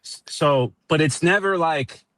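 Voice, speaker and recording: A man taking part in a heated podcast debate as a remote guest, speaking haltingly with many restarts. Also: a little high, a bit bright. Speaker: guest on the call.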